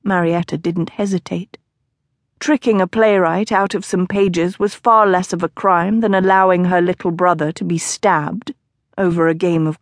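A woman narrating a historical romance audiobook in a measured storytelling delivery. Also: medium pitch, no echo, clean studio sound. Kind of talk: scripted narration.

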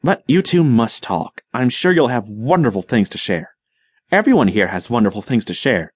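A man's voice: mid-range voice, sing-song, normal speed, husky, dry recording. A man voicing a grandiloquent, professorial older colony leader who talks in a rhetorical, dramatic way.

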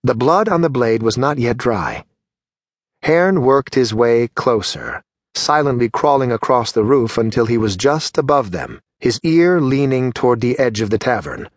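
In a measured, steady storytelling manner, a man narrates a scripted fantasy audiobook. His pitch is medium, and there's no room sound.

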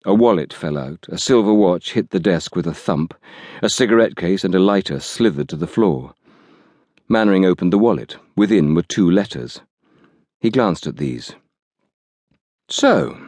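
A man reading an audiobook thriller aloud in a measured, dramatic storytelling manner. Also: low-pitched, animated, darkish tone, no echo, clean studio sound. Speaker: audiobook narrator. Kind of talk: scripted narration.

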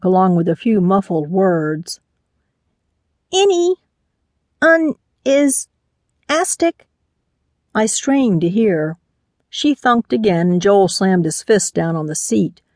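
A woman's voice: on the low side, a little mellow, no room sound, clean studio sound. Woman narrating a first-person mystery. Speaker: audiobook narrator.

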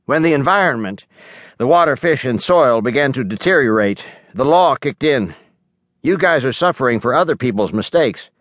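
A man's voice: mid-range voice, lively intonation, normal speed, fairly bright tone, dry recording. An earnest science teacher, as a man puts him on lectures with an edgy, insistent tone. The recording is dry and close, with no room in it. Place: recording studio.

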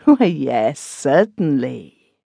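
A woman narrator voicing a generous, composed wealthy friend who speaks slowly and graciously. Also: sits low, big pitch swings, creaky, mellow, husky, no room sound, clean studio sound, heavily acted.

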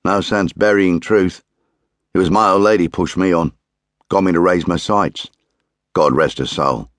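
A blunt, bitter middle-aged miner's son with a Nottinghamshire accent, as a man reads him in an audiobook. He speaks in a low, dry, plain-spoken grumble. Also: measured pace, fairly bright tone, no echo.

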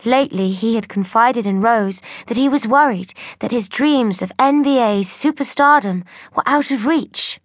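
A woman narrating a children's audiobook in a measured, gentle storytelling manner. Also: fairly high pitch, no room sound, clean studio sound. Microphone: studio microphone.

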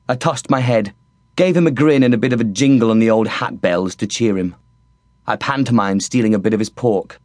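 A man's voice: fairly low pitch, a little fast, a little mellow, dry recording. A man reading a comic first-person audiobook with cheeky, mocking wit. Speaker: audiobook narrator.

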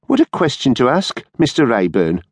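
A man's voice: medium pitch, animated, measured pace, darkish tone, dry recording, voice pushed up, natural voice. A man voicing a nervous, sneering small-time ex-convict who sounds breathless as he jeers. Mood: jeering.

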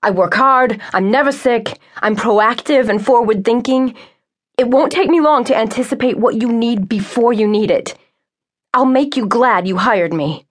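A woman's voice: fairly high pitch, normal speed, voice pushed up, close to an everyday voice. A woman narrator voicing an eager, earnest young woman pleading her case in a job interview. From Brooklyn, New York.

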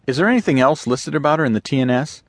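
A man's voice: mid-range voice, animated, no echo, studio quality, pitched above the performer's own voice. A man playing a terse starship captain. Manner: terse, measured commands.

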